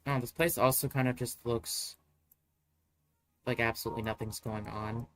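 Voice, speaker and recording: A man's voice: mid-range voice, steady tone, moderate pace, dry recording. A man giving live commentary as he plays a geography guessing game, rambling and swearing in exasperation. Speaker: streamer.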